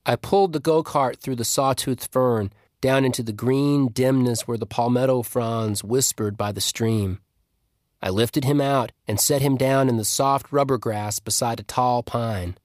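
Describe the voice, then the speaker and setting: Man reading a story, dry and measured. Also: medium pitch, a little mellow, no echo. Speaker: story reader. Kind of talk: literary reading aloud.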